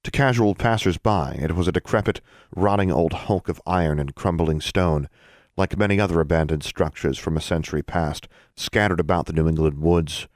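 A man narrating a fantasy novel for a podcast in a steady, even reading style. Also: deep voice, normal speed, dry recording, clean studio sound. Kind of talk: scripted narration.

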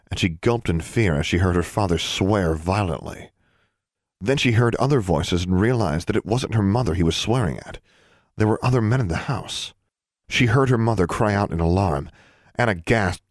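A man narrates an audiobook in a steady, measured storytelling style. His voice is low-pitched, and the recording is dry and of studio quality.

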